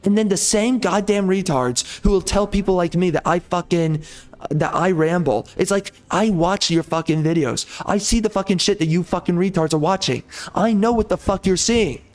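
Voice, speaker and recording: A gaming streamer ranting furiously, swearing constantly and circling back to the same complaints. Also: male voice, high voice, moderate pace. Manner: mocks others in a put-on sugary tone. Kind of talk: angry profane rant.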